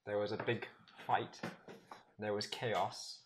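A man playing in a tabletop role-play, speaking skeptically and deliberately in character. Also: lowish voice, little pitch movement. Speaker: player. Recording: noisy background.

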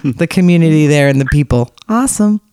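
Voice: medium pitch, animated, brisk, a little mellow, smooth, no echo, studio quality. A podcast co-host from California, chatting casually and laughing often. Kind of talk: casual chat.

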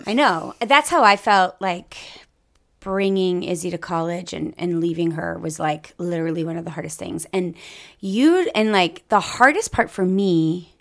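A woman's voice: lowish voice, moderate pace, gravelly. A woman in her mid-forties co-hosting a podcast, chatting playfully and expressively with friends. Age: 40s. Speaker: podcast co-host. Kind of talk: casual chat among friends.

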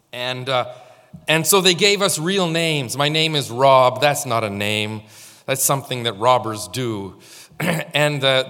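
A man's voice: mid-range voice, fairly bright tone. A male pastor giving an informal sermon, telling stories and speaking directly to the congregation. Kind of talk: conversational sermon. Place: church. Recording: long hall reverb.

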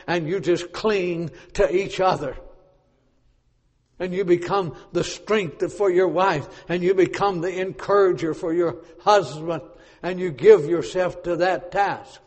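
A man preaching a sermon in a church, swinging between forceful declarations and hushed asides. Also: high voice, a little slow, big-room sound.

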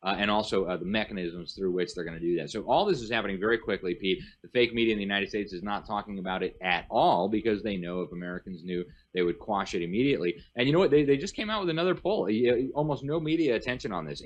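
Emphatic low-voiced male guest. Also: quick pace, hardly any pauses, muffled recording. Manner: emphatic, rattles off long lists. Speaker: guest commentator. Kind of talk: animated interview talk.

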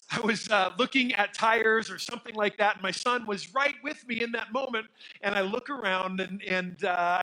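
A middle-aged man preaching a sermon as pastor, telling stories in an animated way with fillers and dropping to quiet emphasis. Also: high voice, low-quality recording.

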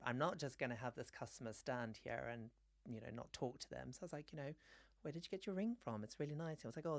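Man, podcast guest, casual storytelling, laughs between lines, mid pitch, dry studio sound. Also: no room sound. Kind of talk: casual chat, anecdote.

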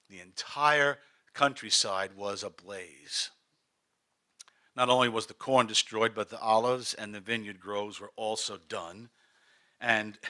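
Animated, bright-voiced man telling a story. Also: fairly low pitch. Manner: animated, dramatic, acts out the characters. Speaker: preacher. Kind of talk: sermon storytelling.

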